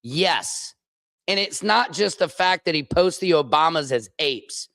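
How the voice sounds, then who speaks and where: A male comedian fronts his own show with a furious, profane tirade. He speaks slowly and leans on every word, his voice sitting a little high. The sound is dry and close. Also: animated, gravelly, pushed and bright, dry recording. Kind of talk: angry political rant on a stream.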